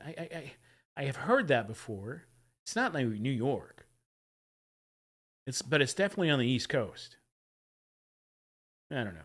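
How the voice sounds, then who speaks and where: A man's voice: medium pitch, very animated, moderate pace, pauses often, a bit bright, husky. A man hosting a livestream and chatting casually as he reacts to videos. He rambles, chuckles and trips over his words. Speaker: livestream host.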